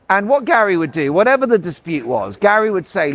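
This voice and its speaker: A man's voice: high-pitched, animated, a little fast, hardly any pauses, a bit bright. A man in his forties, a talk show host rambling in chatty, sarcastic commentary, recorded outdoors. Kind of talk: opinionated commentary.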